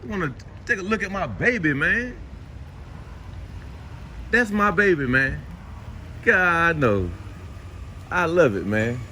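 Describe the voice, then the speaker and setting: A man vlogging casually to his viewers at a car service shop, drawling and tacking "man" onto nearly every phrase, dropping to low mutters and rising to excited high exclaims. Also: slow, long pauses, a little hiss or hum. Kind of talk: casual vlog talk to viewers. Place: car dealership service area, then in a car.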